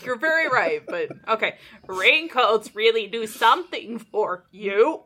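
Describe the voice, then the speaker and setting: A woman joking on a comedy podcast with slow, drawn-out delivery. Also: fairly high pitch, expressive, sharp tone, breathy edge. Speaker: podcast co-host. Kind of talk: casual comedy banter.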